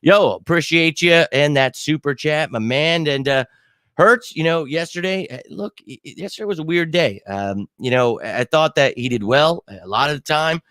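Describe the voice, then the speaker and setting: A man in his thirties hosting a live sports fan show, chatting casually and excitedly, swearing freely and using many fillers. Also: a little high, normal speed, no echo, clean studio sound. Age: 30s. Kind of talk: casual live-stream chat.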